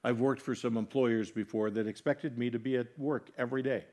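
A man preaching a sermon, earnestly putting questions to his congregation and moving between loud, emphatic lines and soft, quiet ones. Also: medium pitch, fairly even intonation, a little fast. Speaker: pastor.

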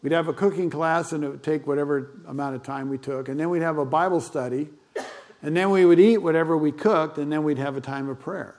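A man's voice: fairly high pitch, a little fast, darkish tone. Older man preaching, conversational. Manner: conversational preaching with fillers and asides. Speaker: pastor. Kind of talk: sermon.

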